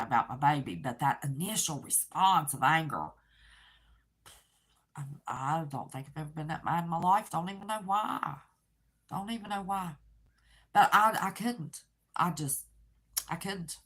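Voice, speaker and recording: An older woman speaks in a low voice. She rambles to her viewers in a casual, heartfelt way, with soft laughs now and then. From West Virginia. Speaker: channel host.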